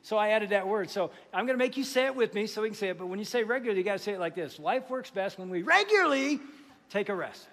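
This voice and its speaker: A man preaches a sermon from a church stage, his voice sitting high for a man. He is lively and joking, stopping often to quiz the congregation. The sound carries a long reverb. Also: racing, few pauses. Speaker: pastor. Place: church sanctuary.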